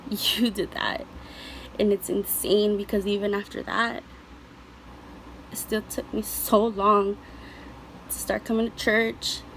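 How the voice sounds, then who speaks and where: A woman's voice: medium pitch, slight background noise, poor audio. A young woman vlogger answering viewer questions, telling a personal story in an earnest, emotional way with many ums and you-knows.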